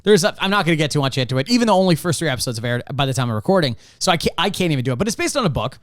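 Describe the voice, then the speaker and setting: A man co-hosting a podcast in casual chat, rambling and animated, with lots of fillers and laughs. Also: fairly high pitch, racing, no room sound, clean studio sound. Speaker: podcast co-host.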